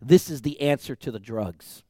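A male preacher giving a sermon, lively and conversational with his congregation. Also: mid-range voice, moderate pace, no echo, clean studio sound.

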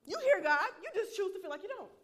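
A woman chaplain preaching a personal testimony to a congregation, talking fast and animated and laughing often. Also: extremely high pitch.

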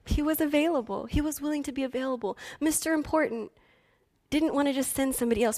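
A young woman delivers a sermon as a youth pastor, her voice sitting a little high. She preaches with feeling, pushing some lines out loud and dropping others to a hushed near-whisper. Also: fast.

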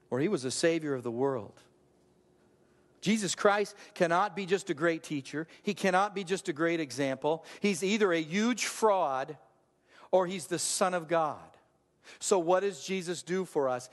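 An older male pastor delivers a sermon in an emphatic, repetitive cadence. His voice sits high for a man. The sound rings with a long hall reverb.

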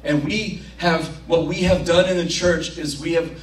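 A man's voice: fairly high pitch, steady tone, moderate pace. A man preaching a sermon as pastor, passionate and acting out prayers and imagined quotes, recorded in a church. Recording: roomy, from a distance.

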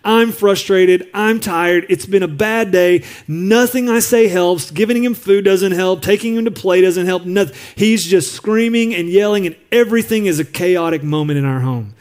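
A pastor with a high voice preaches a sermon on parenting at a moderate pace with few pauses, sharing a personal story in an earnest, confiding tone. He is recorded separately from the congregation.

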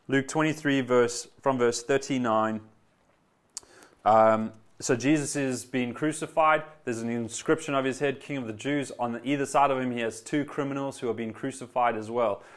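A man's voice: medium pitch, steady tone, moderate pace. Male preacher, earnest sermon, emphatic, repeats key lines, talks straight to the congregation. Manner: eager, addresses congregation directly.

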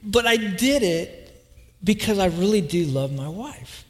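High-voiced pastor telling a funny story. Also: male voice, expressive, measured pace. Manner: chatty storyteller, acts out family voices. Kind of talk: humorous sermon story. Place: church hall with live audience. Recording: long hall reverb.

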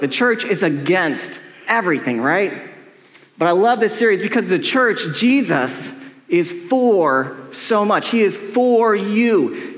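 Middle-aged male pastor, high voice, chatty and joking sermon, echoey hall. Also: a bit bright. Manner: casual, joking, heavy use of "like". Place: church hall with long reverb. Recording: echoey church hall with long reverb.

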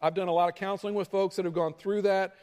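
A man with a high voice preaches in a casual, conversational way. Now and then he acts out a heated argument to make his point. The sound carries a long reverb from a large church hall. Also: flat delivery, fast talker, darkish tone. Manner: conversational preaching, acting out angry quarrels with rising pitch. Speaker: pastor. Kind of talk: sermon.

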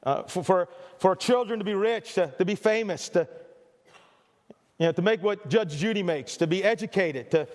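A man's voice: high-pitched, expressive, moderate pace. A middle-aged male pastor preaching a sermon, earnest and emphatic, with stammered restarts and repeated phrases. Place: church hall. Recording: reverberant church hall.

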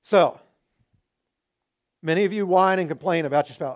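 A man's voice: very high voice, animated, normal speed. A male pastor preaching a sermon, earnest and exhorting, hammering home short repeated phrases.

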